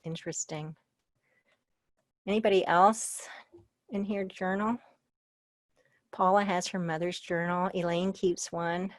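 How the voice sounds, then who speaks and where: A woman's voice: lowish voice, steady tone, measured pace, long pauses, no room sound. A middle-aged woman from Iowa presenting a webinar for librarians. She talks in a conversational, personal way, with frequent "um" and touches of humor. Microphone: video call.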